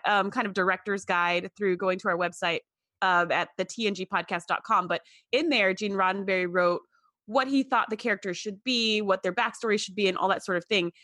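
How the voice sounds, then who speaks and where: A woman's voice: medium pitch, brisk, pushed and bright, no room sound, clean studio sound. A woman co-hosting a casual podcast, chatty and fond of acting out characters' lines. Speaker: podcast co-host.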